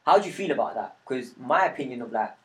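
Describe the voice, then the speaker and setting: A male podcast host asks questions in a relaxed chat with a guest, and his words come quickly. He often breaks in with short agreement and keeps the conversation moving. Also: medium pitch, low-quality recording. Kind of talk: casual interview questions.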